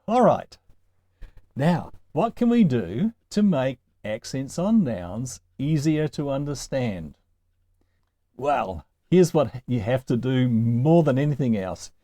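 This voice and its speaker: A man teaching a recorded lesson, explaining slowly and asking gently wry rhetorical questions. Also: medium pitch, dry recording. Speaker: Greek teacher.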